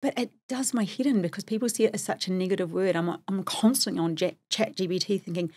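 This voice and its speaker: Husky New woman, candid and chatty. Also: on the low side, brisk, a little mellow. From New Zealand. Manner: candid, self-deprecating, chatty. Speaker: podcast guest. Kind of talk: casual interview storytelling.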